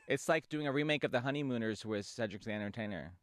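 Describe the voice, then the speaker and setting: A man's voice: mid-range voice, quick pace, no room sound. A man hosting a comedy podcast, rambling and joking at his own expense. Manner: joking, rambling, self-deprecating. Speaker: podcast host. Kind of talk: casual comedy podcast chat.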